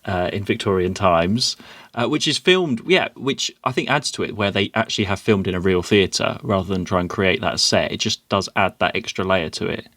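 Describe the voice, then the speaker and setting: A man co-hosting a podcast, easygoing and a bit hesitant, dropping ums as he recaps. His voice sits low and sounds close and dry. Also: normal speed, no echo. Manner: relaxed, hesitant with fillers. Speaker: podcast co-host. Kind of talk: casual chat. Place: on stage in a theatre.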